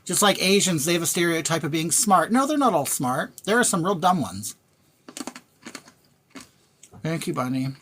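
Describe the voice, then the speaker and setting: A woman with a low, fairly bright voice and lively intonation rants casually to her live-stream chat at a moderate pace, pausing often. She bluntly thanks viewers by name and repeats her points, and there is a little hiss or hum in the audio.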